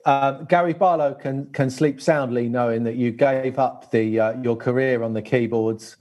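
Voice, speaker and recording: Mellow man hosting with many fillers. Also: mid-range voice, fairly even intonation, normal speed. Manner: hesitant, filler-heavy. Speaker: podcast host. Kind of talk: casual chat, football talk.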